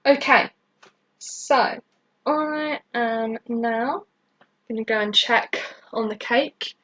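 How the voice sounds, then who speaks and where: A woman's voice: fairly high pitch, very slow, pushed and bright. A British woman hosting a casual live baking tutorial from her home kitchen, rambling with many fillers and restarts. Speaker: baking stream host. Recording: dull lo-fi stream audio.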